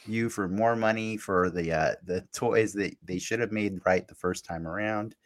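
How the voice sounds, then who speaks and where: A man co-hosting a casual podcast chat, talking in an animated way with frequent fillers. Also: on the low side, moderate pace. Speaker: podcast co-host.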